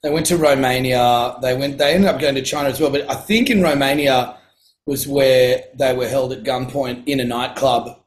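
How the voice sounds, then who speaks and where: A middle-aged man, a guest telling casual anecdotes in a relaxed, chatty way and often clearing his throat. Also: medium pitch, normal speed, slight background noise, low-quality recording. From Australia. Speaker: guest, singer-songwriter.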